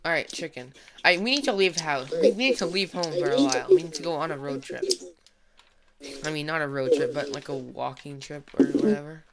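A man's voice: fairly high pitch, fairly quick, gravelly, a loud crowd. A boy gamer chatting casually during a let's-play, taking charge of the plans. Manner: bossy, decisive planner. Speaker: gamer host.

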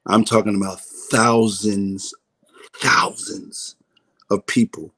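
A man's voice: lowish voice, little pitch movement, takes it slowly, fairly bright tone, husky. A man, a comedian guest in a casual interview, telling a story candidly, swearing freely and acting out the voices he quotes.

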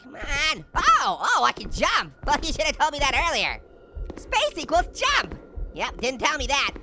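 A woman's voice: sits high, huge pitch swings, normal speed, pushed and bright, slight background noise. A woman hosting a comedic let's-play, chatting and giggling as she plays a spooky game. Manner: giggly, jokey, exclaiming. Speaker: gaming channel host.

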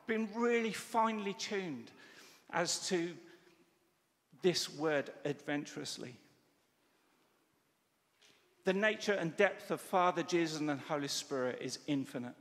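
A middle-aged man preaching a sermon, telling stories with lively quoted dialogue. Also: a little high, measured pace, pauses often. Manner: animated storytelling with quoted dialogue. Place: church hall. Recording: church hall reverb.

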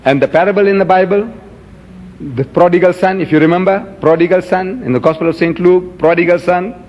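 A man's voice: high voice, fairly quick, a little mellow. A man giving an emphatic religious lecture to an audience, quoting scripture with dramatic swings in his voice. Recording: dull lo-fi archive recording in a reverberant hall.

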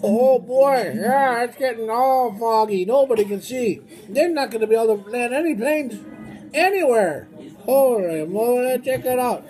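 A woman's voice: fairly high pitch, unhurried, dark tone. A woman giving goofy, exclamatory gameplay commentary and putting on voices for places, with faint music behind.

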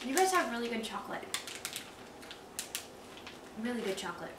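A woman from the United States with a slightly high voice chats eagerly through a candy taste test, sometimes talking with her mouth full. She sits back from a camera mic in an echoey home room. A clear hiss runs under everything. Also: big pitch swings, moderate pace, far from the mic. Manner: eager and enthusiastic, talking while chewing. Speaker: channel host. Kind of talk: casual taste-test chat.

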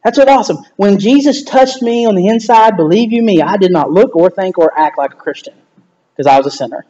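High-voiced man preaching a lively sermon. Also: a little fast, lo-fi sound. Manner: animated, conversational preaching with quoted asides. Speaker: pastor.

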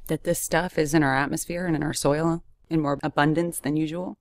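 A co-host with a gravelly, creaky voice explains things in a plain, matter-of-fact way. The talk is casual and unhurried, like chatting at home. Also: medium pitch, steady tone, no room sound, clean studio sound. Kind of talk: casual chat. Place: apartment.

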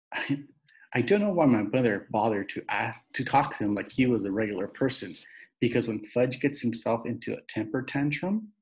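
A man reading a children's chapter book aloud at a middle pitch. His narration is plain and steady. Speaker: reader.

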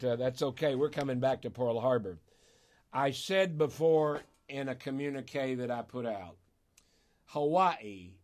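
An older man from Arkansas with a Southern accent, hosting a call-in radio show as a pastor. He talks in a folksy, emotional way, laughs often and stretches words out for emphasis. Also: mid-range voice. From Arkansas, USA.

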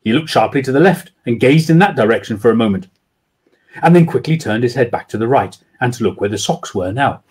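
A man's voice: medium pitch, expressive, brisk, a little mellow, breathy edge. A man, an author, reading his children's book aloud over a video call with dramatic storytelling.

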